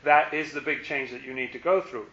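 A man's voice: medium pitch, fairly even intonation, brisk, bright, forceful tone. A man leading a Bible study in a conversational way, repeating words and asking his listeners questions. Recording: echoey room, muffled lo-fi sound.

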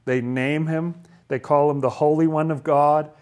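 Man, somewhat high-pitched, casual Bible study teacher. Questioning, conversational delivery with restarts. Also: fairly even intonation, normal speed, darkish tone, clear, resonant tone. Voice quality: asks lots of questions, chatty, stumbles and restarts.

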